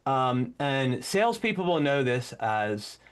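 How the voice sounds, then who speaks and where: A man's voice: mid-range voice, unhurried, clean tone. A man co-hosting a podcast, chatting casually and animatedly, breaking into acted-out commands as he explains. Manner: animated, acts out commands mid-sentence. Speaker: podcast co-host.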